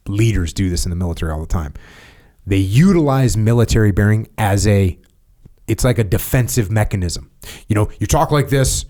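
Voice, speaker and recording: A man hosting a podcast, reading book passages aloud and breaking off into animated commentary. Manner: deep voice, animated tangents, mimics bosses. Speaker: podcast host.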